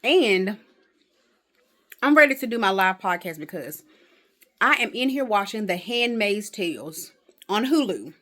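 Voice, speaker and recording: A woman's voice: medium pitch, big pitch swings, a little slow, long pauses, fairly bright tone. A woman talking casually to a phone camera at home in a rambling day-in-the-life vlog, with exasperated asides. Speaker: vlogger.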